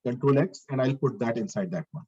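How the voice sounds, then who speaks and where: A man's voice: mid-range voice, fairly quick, darkish tone, breathy edge, muffled recording. A male lecturer giving a live online coding lesson. He talks through each step as he works, repeats his phrases and asks the class questions.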